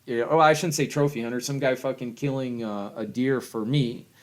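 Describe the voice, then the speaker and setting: A middle-aged man in a rambling, heavily profane rant to camera, with loud swings and frequent chuckles. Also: medium pitch, fairly even intonation, moderate pace. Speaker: vlogger.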